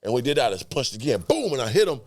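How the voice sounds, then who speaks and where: Male podcast guest, rapid profane storyteller with a dry, close sound. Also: mid-range voice, very animated, no room sound. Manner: profane, vivid, with sound effects and acted-out quotes. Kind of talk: animated storytelling.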